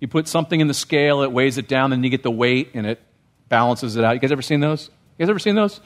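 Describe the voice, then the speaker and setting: A man's voice: mid-range voice, steady tone, fast talker. A man preaching a sermon as pastor, in a casual, conversational way, often asking the congregation questions. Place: church sanctuary.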